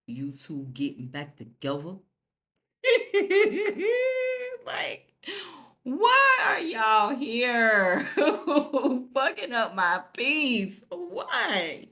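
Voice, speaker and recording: Woman doing a casual tv recap, aave, lower voice, acts out the lines, cusses a lot. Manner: animated storytelling, acts out characters' lines, swears freely. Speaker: TV recap host.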